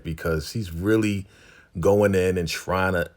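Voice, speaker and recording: A man's voice: low voice, steady tone, normal speed, a little mellow. A man hosting a casual TV episode recap, retelling scenes in a laid-back, chatty, slangy way full of fillers. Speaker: TV recap host.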